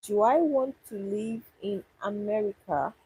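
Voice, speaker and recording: A woman's voice: medium pitch, unhurried, dark tone, slight background noise, low-quality recording. A young woman chatting casually with viewers on a livestream, thinking aloud and restarting her sentences. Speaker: livestream host answering viewers. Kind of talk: casual live chat.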